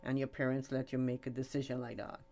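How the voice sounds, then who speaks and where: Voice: mid-range voice, completely flat delivery, fast, dark tone. A radio host interviewing guests, prompting each with questions. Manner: prompting questions, brief responses.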